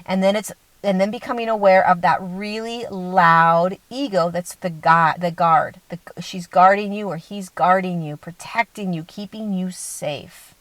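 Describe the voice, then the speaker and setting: A woman's voice: lowish voice, steady tone, measured pace, few pauses, a bit bright, no echo, low-quality recording. A woman giving a spiritual talk as a teacher, earnest and often checking in with the listener.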